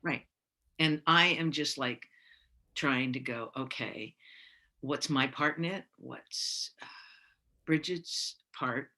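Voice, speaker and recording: A woman playing a bright, rambling overthinker. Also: extremely low pitch, slow pace, pauses often, exaggerated voice. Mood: defensive. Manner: rambling, trails off, many fillers. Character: evasive, overthinking woman, a computer scientist. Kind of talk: live improvised romantic comedy scene. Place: theatre stage.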